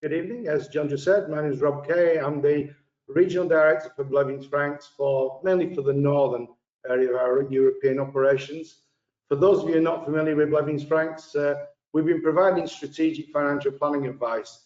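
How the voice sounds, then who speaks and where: A man who is a regional director of a financial advice firm, introducing it on a webinar in a measured, corporate way. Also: fairly high pitch, darkish tone, roomy sound, lo-fi sound.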